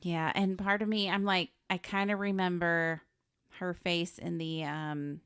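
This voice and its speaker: A woman's voice: fairly low pitch, steady tone, a little slow, a bit bright, clear, resonant tone. A woman co-hosting a podcast, chatting about a film with short wry remarks and questions. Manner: dry short interjections and wry asides. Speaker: podcast co-host. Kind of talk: casual movie recap chat.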